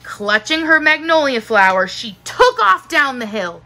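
A woman teacher narrating a children's book aloud in a slow, expressive storytelling manner. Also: high-pitched, low-quality recording.

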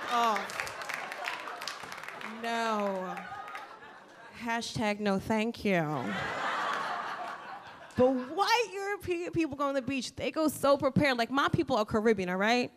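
A woman's voice: high-pitched, lively intonation, normal speed. A woman doing a stand-up comedy set in a comedy club, with a brash, profane and sassy delivery into a handheld stage mic. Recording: live club audio with crowd noise.

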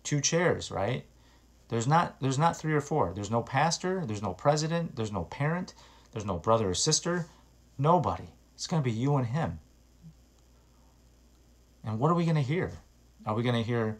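A man's voice: medium pitch, expressive, normal speed, pauses often. A man preaching an informal sermon, earnest and exhorting, rising to emphatic bursts as he reads scripture and urges repentance.

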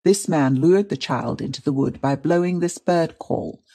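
Picture a calm, learned forensic doctor from an old detective audiobook, as a man reads him. He lays out evidence in a measured, patient manner. The voice is mellow and a little husky. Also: fairly high pitch. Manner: measured, explanatory. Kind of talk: audiobook reading.

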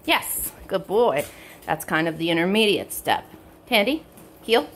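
A woman dog trainer explaining a training session in casual narration at home, switching between high bright praise for her dog and low quiet explanation. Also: lively intonation, unhurried, slight background noise. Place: indoors at home with pets.

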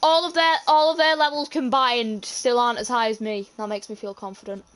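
Excitable British woman streaming a game. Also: on the high side, fairly quick. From Britain. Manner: excitable, shouting bursts and playful swearing. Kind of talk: live gameplay chat.

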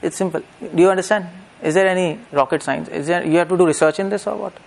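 Gravelly preacher. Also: male voice, sits high, fast. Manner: rhetorical questions to the audience, with tag questions. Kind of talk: lecture-style religious discourse.

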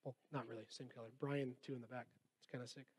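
A man's voice: mid-range voice, flat delivery, fast, husky. A young man, a youth pastor, preaching a sermon in a casual, joking way and reading scripture aloud.

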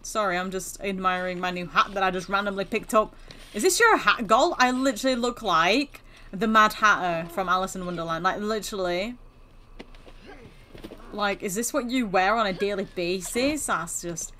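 A woman's voice: medium pitch, normal speed, bright, forceful tone, slight background noise. A woman hosting a gaming channel, chatting playfully and teasing through her game commentary.

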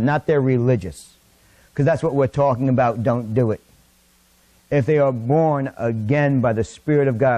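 Male pastor, middle-aged, fervent sermon delivery, slightly high voice, church setting. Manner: impassioned preaching, rising to near-shouts. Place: church sanctuary.

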